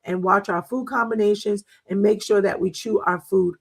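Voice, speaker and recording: A middle-aged woman hosts a casual wellness talk, chatting and telling family stories with plenty of ums and laughs. Her voice has a gravelly fry and a husky edge, at an ordinary pitch for a woman. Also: fairly even intonation, normal speed, poor audio. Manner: chatty, storytelling, laughs often, many fillers. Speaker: wellness show host.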